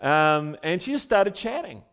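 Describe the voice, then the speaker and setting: A male pastor preaching a sermon in a conversational way, building to emphatic points and then dropping quiet. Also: high voice, sing-song, a little slow.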